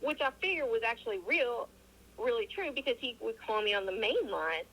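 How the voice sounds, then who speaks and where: A woman's voice: on the high side, fairly quick, poor audio. Woman telling a story over a call. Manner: animated, acts out quoted dialogue, frequent restarts. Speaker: interview guest. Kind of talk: casual storytelling.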